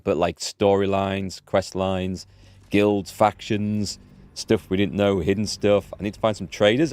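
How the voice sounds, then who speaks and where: A man's voice: low-pitched, darkish tone. A man from northeast England streaming a video game, chatty and self-deprecating as he thinks aloud. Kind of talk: casual live-stream commentary.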